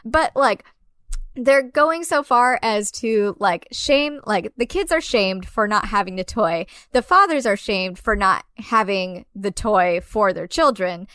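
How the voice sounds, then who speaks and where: A woman's voice: mid-range voice, lively intonation, slow pace, sharp tone, clear, resonant tone, no echo, studio quality. A woman co-hosting a podcast, talking casually and animatedly about a film, with lots of "like" fillers and the odd swear. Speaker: podcast co-host.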